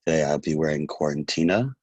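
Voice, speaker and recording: A man with a very deep voice co-hosts a relaxed podcast, recorded dry and close. He jokes in a campy way and acts out the people in his stories. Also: fast, husky, no echo. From Los Angeles. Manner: campy and joking, tells stories with mimicry. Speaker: podcast co-host. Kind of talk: casual chat.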